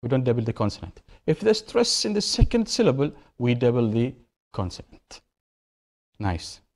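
A man's voice: medium pitch, sing-song, moderate pace, darkish tone. A male English teacher, explaining grammar rules to a class, repeating key words and asking questions.

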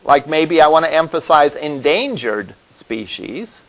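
A man's voice: a little high, expressive, unhurried, fairly bright tone, rough recording. A male college instructor giving a classroom lecture, explaining step by step and often checking in with "all right?". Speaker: college web development instructor.

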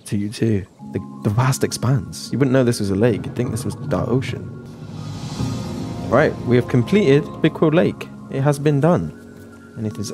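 A man's voice: mid-range voice, moderate pace, over music. Playful British man narrating his gameplay. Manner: playful, chatty, jokes to viewers. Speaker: gameplay commentator. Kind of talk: casual gameplay commentary.

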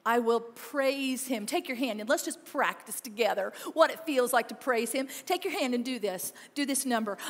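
A woman pastor preaching a sermon, emphatic, moving between loud urging and quiet, intimate passages. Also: on the high side, expressive, moderate pace, few pauses. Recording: long reverb of a church hall.

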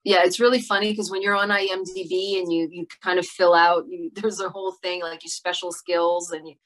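A middle-aged actress talking through an interview in a reflective way, pausing often with fillers and restarting her sentences. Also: fairly low pitch, flat delivery, fairly bright tone. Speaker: actress guest. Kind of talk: casual interview conversation.

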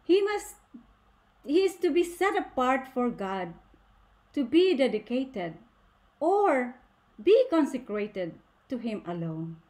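A woman giving a faith talk to a women's gathering in a deliberate, emphatic way, asking rhetorical questions. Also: high-pitched, big pitch swings, a little mellow. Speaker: speaker at a women's ministry gathering.

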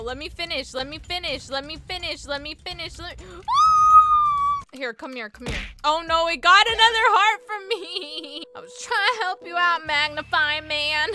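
A woman commentating her own gameplay in a playful, excitable and chatty way, often gasping and laughing. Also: sits high. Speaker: gaming YouTuber.

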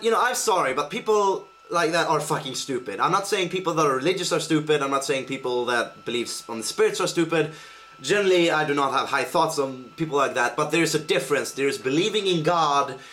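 A man's voice: on the high side, fairly bright tone, a little hiss or hum. A man giving an improvised rant, heated and profane, with frequent hesitations and restarts. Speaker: vlogger.

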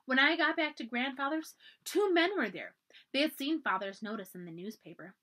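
A woman's voice: high-pitched, expressive, normal speed, pushed and bright, voice pushed up, heavily acted. A woman reading aloud and voicing a brave, spirited colonial girl of about ten who talks urgently and pleads.

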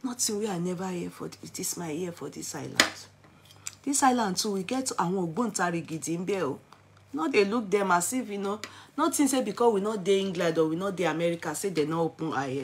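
A middle-aged woman with a Nigerian accent telling a story in a vlog, mixing Pidgin with English and rising into dramatic, excited exclamations. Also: medium pitch, moderate pace. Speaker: vlogger.

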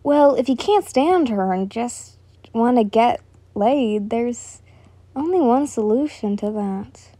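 Brief: woman doing a playful young nobleman, higher voice, mellow, dry sound. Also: animated, slow pace, no room sound. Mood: teasing. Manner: playful, teasing. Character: cheerful, teasing young male noble.

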